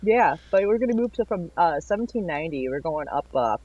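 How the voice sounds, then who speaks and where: Husky guy, kinda high voice, rambly and jokey, just hanging out chatting. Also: lively intonation, darkish tone, no room sound, dull audio. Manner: jokey, rambling, quick to laugh. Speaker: co-host. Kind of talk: casual chat.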